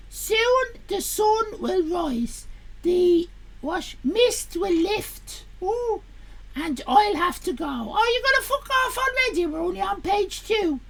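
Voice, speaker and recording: Brief: a woman as a sassy Irish sixteen-year-old, crude and rambling, very high and gravelly. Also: fairly bright tone, full character voice. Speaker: streamer. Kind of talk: live stream in character.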